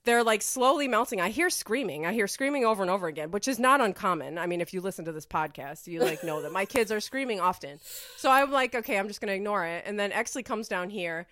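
A woman hosts a podcast from home, wandering through her story in loose, filler-heavy casual chat. Her voice sits at an ordinary middle pitch. The recording is close and dry, with no room sound. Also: expressive, quick pace, fairly bright tone, no room sound. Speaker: podcast host.

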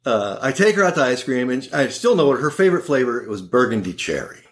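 A man's voice: mid-range voice, fast talker. A man around sixty, an oral surgeon, telling funny family stories as a podcast guest in a wry, laughing way. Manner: animated, wry and laughing, with quoted voices. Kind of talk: casual storytelling in a podcast interview.

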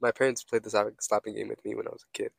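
A man's voice: on the low side, level tone, very fast, gravelly, husky, no echo. A young man co-hosting a casual podcast, rambling through stories and swearing freely. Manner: rambling storyteller, swears a lot. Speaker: podcast co-host. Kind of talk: casual chat.

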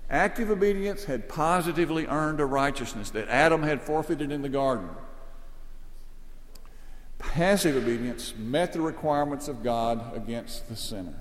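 A man preaching an expository sermon with earnest conviction, climbing to emphatic peaks and then sinking low and quiet. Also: moderate pace, big-room sound.

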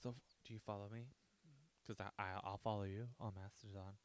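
A man's voice: lowish voice, level tone, brisk. A man hosting a podcast on his own, rambling casually, joking and swearing. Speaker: podcast host. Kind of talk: casual solo podcast chat.

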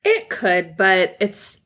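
A woman in her thirties co-hosting a podcast, explaining in a relaxed, plain way and laughing easily. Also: mid-range voice, extremely slow. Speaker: podcast co-host, crypto analyst. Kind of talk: casual expert chat.

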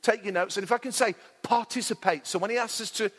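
A man's voice: high-pitched, quick pace, fairly bright tone. A man preaching a sermon as pastor, fervent with jokey asides to the congregation, heard in a church hall. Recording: hall reverb.

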